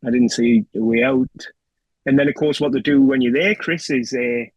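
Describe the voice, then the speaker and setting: Speaking with a North East England (Geordie) accent, a middle-aged interviewee shares his personal story with raw emotion, heavy swearing and a recurring "do you know what I mean." His mid-range voice is sing-song with vocal fry at a moderate pace; there's no room sound, but the high frequencies are cut off.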